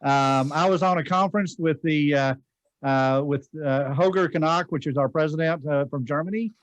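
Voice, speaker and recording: A man's voice: fairly high pitch, moderate pace, no room sound. Chatty Texan man on a dull call. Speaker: club district leader. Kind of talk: casual chat on a video call.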